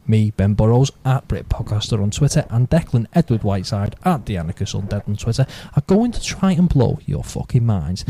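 A man's voice: lowish voice, warm tone. A man hosting a podcast, rambling through his opinions with lots of swearing. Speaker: podcast host. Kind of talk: casual podcast chat.

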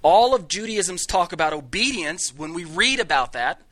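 Bright-voiced man teaching a Bible class. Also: high voice, expressive, normal speed. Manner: conversational, jokey, with many restarts. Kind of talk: classroom lecture. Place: room with a live class.

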